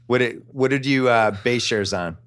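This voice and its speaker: A man hosting a podcast, asking quick joking questions in a casual interview. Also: medium pitch, a bit bright, clean tone. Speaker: podcast host.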